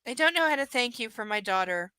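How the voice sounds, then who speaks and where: A woman voicing a gentle, grateful middle-aged father who speaks softly and courteously. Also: fairly high pitch, animated, fast, smooth, no echo.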